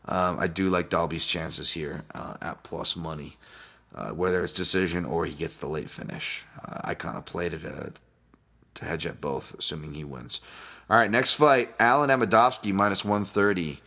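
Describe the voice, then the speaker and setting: A deep-voiced man talks casually into the mic, hosting his own podcast. He rambles from point to point, drops curses freely and chuckles at his own jokes. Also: normal speed, pushed and bright. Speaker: podcast host and fight analyst. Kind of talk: casual solo podcast breakdown.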